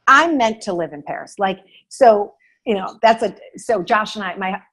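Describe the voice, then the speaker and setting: A woman talking as a guest in an interview, telling a personal story in a lively way with many fillers and restarts. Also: medium pitch, normal speed, poor audio.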